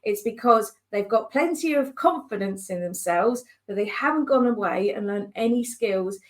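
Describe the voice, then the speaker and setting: A woman business coach telling stories in a conversational way, animated and acting out the voices of people she quotes. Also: on the high side, moderate pace. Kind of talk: conversational storytelling.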